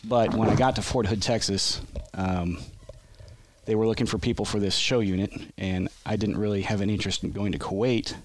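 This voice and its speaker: A man's voice: on the low side, steady tone, fairly quick. A man telling a long army story on a podcast, with casual restarts and frequent laughs. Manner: rambling, self-interrupting storyteller who laughs often. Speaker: podcast guest, army veteran.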